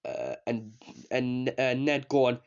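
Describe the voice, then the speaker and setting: A man rambles through a casual review of a show he loves, circling back to the same points and letting sentences trail off. His voice sits at an ordinary middle pitch. The recording is slightly dull and lo-fi. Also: fairly even intonation, slow pace, clean tone. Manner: rambling, repeats himself, trails off with "which, yeah".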